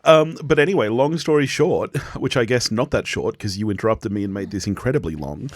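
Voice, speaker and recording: A man's voice: on the low side, expressive, brisk, dry recording, clean studio sound. An Australian man co-hosting a podcast, rambling through a casual sitcom recap, laughing often and swearing freely. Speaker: podcast co-host.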